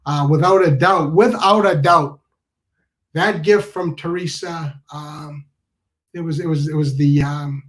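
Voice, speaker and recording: A man tells a casual, comic anecdote. His voice sits a little higher than most men's, and he rambles through it with restarts, asides and self-corrections. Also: rough recording. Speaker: storyteller.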